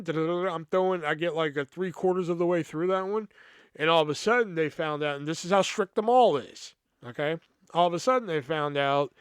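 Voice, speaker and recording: A man with a fairly high, smooth and clear voice tells a rambling story on his podcast, swearing freely and trailing off with filler words. The sound is dry and close to the mic. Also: fairly bright tone, no room sound. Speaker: podcast host. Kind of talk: casual storytelling monologue.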